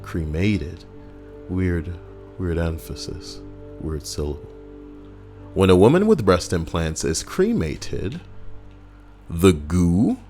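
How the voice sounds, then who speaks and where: A man with a deep, low voice rambles through casual gameplay commentary, swearing and wisecracking as he reads a list aloud. Faint music plays underneath. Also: very animated, takes it slowly, pauses often, warm tone. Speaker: gaming YouTuber. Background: faint background music.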